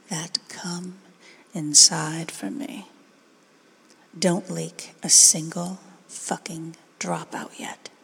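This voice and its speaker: A woman in a whispered role-play, giving slow, coaxing commands in a breathy whisper. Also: lowish voice, fairly bright tone. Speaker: ASMR performer.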